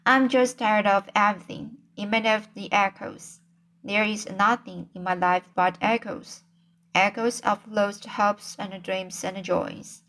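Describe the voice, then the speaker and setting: A woman voicing a wistful, lonely older lady, reading slowly with small slips and restarts. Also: medium pitch, fairly even intonation, a bit bright.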